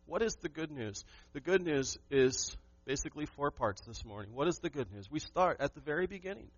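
A pastor delivers a Sunday sermon with emphatic punches and rhetorical questions thrown to his congregation. His voice sits a touch high for a man. The sound is dry and slightly dull, with no room ring. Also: animated, fairly quick, no echo.

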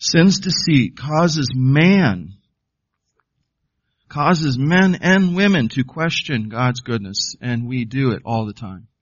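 A man's voice: medium pitch, expressive, slow pace, no room sound. Emphatic male pastor, dull lo-fi sound. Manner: emphatic, quizzes the congregation with questions. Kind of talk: sermon.

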